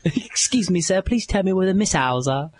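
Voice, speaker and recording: Brief: man doing a hammy English-accented TV tough-guy interrogator, pitched up, theatrical menace. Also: animated, a little fast, creaky, no room sound, full character voice. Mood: mock-menacing. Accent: English put-on. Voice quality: mock-intimidating, theatrical. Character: gruff male TV agent interrogator, English-accented. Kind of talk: comic impression on a podcast.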